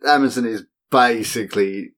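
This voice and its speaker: Dry-witted podcast host. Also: male voice, medium pitch, normal speed, fairly bright tone. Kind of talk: casual chat.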